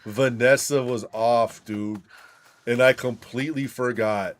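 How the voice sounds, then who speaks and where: A man hosting a gaming channel chats casually as he plays, telling stories in an excitable, profane way and saying "dude" constantly. His voice is medium in pitch and a little slow.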